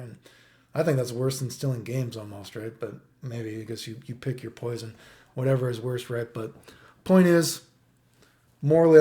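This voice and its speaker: A man rants to his channel audience in a mellow, dark-toned voice. He is heated and swears freely, and he keeps tagging his points with "right?". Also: mid-range voice. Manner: heated and profane, constant "right?" tags. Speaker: channel host. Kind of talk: ranting monologue.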